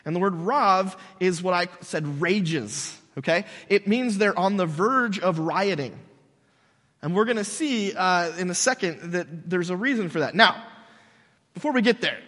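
A man preaching a casual, animated sermon, telling stories conversationally. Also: high-pitched. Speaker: pastor. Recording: long hall reverb.

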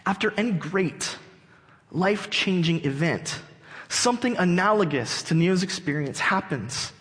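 Animated male pastor in a reverberant church. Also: high voice, a little slow. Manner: animated storyteller, acts out characters. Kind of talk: sermon. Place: church sanctuary. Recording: long church hall reverb.

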